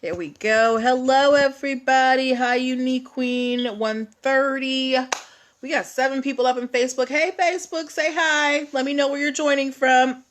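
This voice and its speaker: A woman hosting a casual livestream, chatting with viewers, greeting them by name and filling pauses with ums. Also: sits high, steady tone. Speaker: livestream host.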